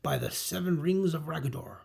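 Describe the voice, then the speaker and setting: A man's voice: on the high side, normal speed, gravelly, darkish tone, breathy edge, heavily acted. A man reading a comic aloud, voicing a sorcerer in formal, grand phrasing. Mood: grave. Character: grave male sorcerer, formal and mystic.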